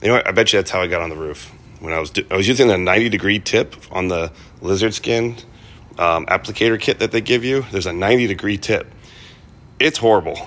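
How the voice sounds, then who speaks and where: A man's voice: deep voice, quick pace, a bit bright. A man vlogging casually about restoring his car, rambling with lots of fillers and restarts. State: coughing, clearing his throat. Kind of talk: casual talk to camera.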